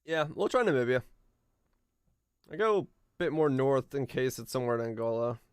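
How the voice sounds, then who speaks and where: Expressive yet laid-back, a male streamer muses aloud about where he might be while playing a geography game on a casual live stream, often laughing and sometimes swearing. His middle-pitched voice is smooth and resonant, at a moderate pace. It's a dry, close recording with no room around it.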